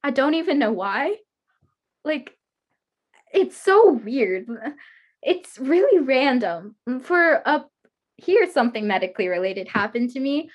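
A woman with a high, bright-toned voice hosts a casual interview over a video call. She talks in a chatty, rambling way and giggles often. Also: sing-song, measured pace, pauses often, dull audio. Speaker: guest host interviewer. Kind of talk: casual chat.

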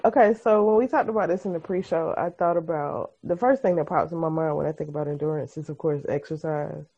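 Black woman co-host, casual and expressive, tells long stories, kinda muffled zoom audio. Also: low-pitched, fairly quick, slightly rough. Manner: laughing, expressive, storytelling. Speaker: podcast co-host. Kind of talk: casual chat. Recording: muffled video-call audio.

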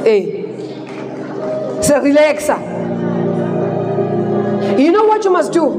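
Very high-voiced, emphatic South African woman. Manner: emphatic, repeats phrases, builds to shouts. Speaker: motivational speaker. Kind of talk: motivational speech to a university audience. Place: large hall. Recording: long hall reverb, faint music behind.

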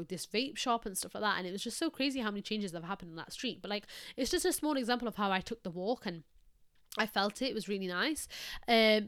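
A woman's voice: mid-range voice, fairly bright tone, clean tone. A young woman in her twenties hosting a podcast, telling everyday stories in a chatty, rambling way. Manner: chatty, storytelling, many fillers. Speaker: podcast host. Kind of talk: casual monologue.

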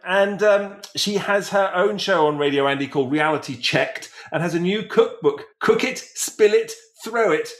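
A man's voice: sits high, moderate pace, few pauses. A man hosting a casual chat, teasing his co-host and introducing a guest. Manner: teasing, animated. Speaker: podcast host.

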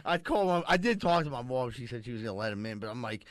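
A man's voice: medium pitch, fast, no room sound. A man co-hosting a podcast, telling stories animatedly and acting out what others said, in a casual group chat. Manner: animated storyteller who acts out other people's lines. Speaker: podcast co-host.

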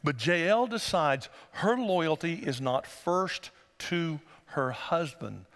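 A male pastor, preaching a sermon and telling stories, sometimes acting out voices in a high falsetto. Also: animated, slow pace, fairly bright tone. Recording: long hall reverb.

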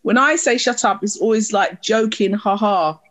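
A middle-aged woman co-hosting a casual family podcast, talking in an animated, laughing, defensive way. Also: medium pitch, moderate pace. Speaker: podcast co-host and mother.

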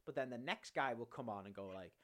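A man telling stories in casual podcast chat, animated and swearing a lot, acting out scenes. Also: medium pitch, fast talker. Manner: animated storytelling, swears often, acts out scenes. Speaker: podcast co-host.

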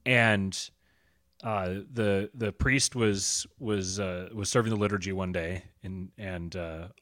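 Low-voiced man telling an earnest story. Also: steady tone, fairly bright tone, no echo, clean studio sound. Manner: earnest, halting, many restarts. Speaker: podcast guest. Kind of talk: casual storytelling chat.

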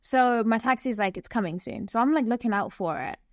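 Young woman, podcast co-host, lively storyteller, dry close sound. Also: a little high, a little fast, no echo. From England. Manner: animated storytelling, acts out voices. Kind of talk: casual chat.

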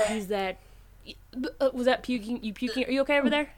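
A woman with a somewhat high voice talks in an easygoing, playful way. She is a co-host in a relaxed chat, retelling a story to her friend. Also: brisk. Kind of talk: casual chat about a comic book.

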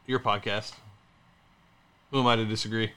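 A man's voice: lowish voice, level tone, a bit bright, clean tone. A man co-hosting a podcast, teasing his partner in casual banter with a lot of fillers. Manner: teasing, playful, halting with fillers. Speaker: podcast co-host.

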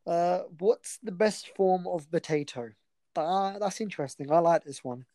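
Chatty male co-host, effusive tangent-prone rambler, warm tone, dry close mic. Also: sits high, unhurried, no echo, poor audio. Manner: rambling, effusive, easily sidetracked. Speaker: podcast co-host. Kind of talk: casual chat.

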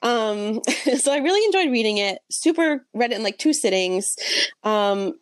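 A woman's voice: fairly high pitch, expressive, normal speed, no room sound. A young woman co-hosting a book podcast, chatting animatedly with lots of fillers and self-mocking asides. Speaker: podcast co-host reviewing books. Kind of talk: casual chat.

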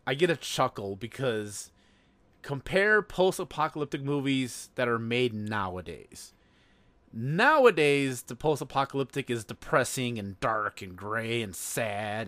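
A man's voice: mid-range voice, a bit bright, dry recording. A man hosting a podcast, chatting casually about a movie, rambling with lots of fillers and laughs. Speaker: podcast host. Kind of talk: casual movie-review chat.

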